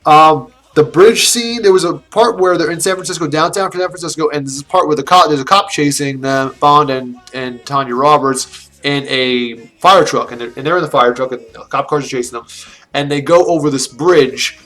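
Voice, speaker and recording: A man's voice: fairly high pitch, moderate pace, fairly bright tone. A man giving a casual, rambling movie review, swearing often, laughing at his own jokes and restarting his sentences. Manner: rambling, profane, laughing, with many restarts and fillers. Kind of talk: casual film review rant.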